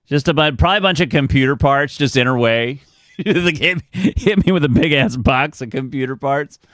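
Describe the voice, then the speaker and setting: Speaking at a moderate pace with a medium pitch and fairly bright tone, the streamer rambles through family stories for his viewers, chuckling as he goes. It's recorded at studio quality with no room sound.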